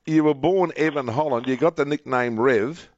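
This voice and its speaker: An Australian man hosts a relaxed radio chat in a middle-pitched voice. His sound is a little dull and lo-fi, and he keeps things easygoing, laughing along and nudging the guest with questions. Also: normal speed, no echo. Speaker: radio host. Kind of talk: casual radio interview.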